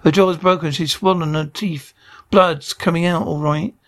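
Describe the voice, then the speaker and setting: An actor playing a brash, impatient film director who gives blunt, graphic directions to actors in a sitcom. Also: male voice, a little high, steady tone, normal speed, natural voice. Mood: commanding. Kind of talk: sitcom acting.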